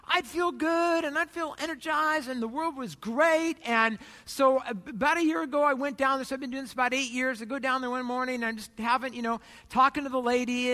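A man's voice: very high voice, pushed and bright. A man preaching a sermon as pastor, telling chatty, self-deprecating stories with frequent restarts. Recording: long reverb of a hall.

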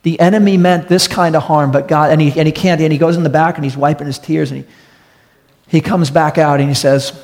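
Long hall reverb surrounds this recording of a pastor preaching to a congregation in a church hall with an audience. His voice is on the high side and a little mellow, steady in tone and a little fast, as he tells stories earnestly and repeats key phrases to stress them.

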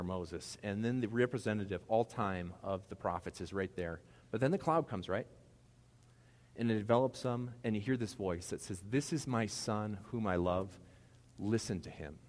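A man preaching a sermon in a conversational, animated way, with casual asides to the congregation. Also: fairly low pitch. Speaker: pastor. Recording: long hall reverb.

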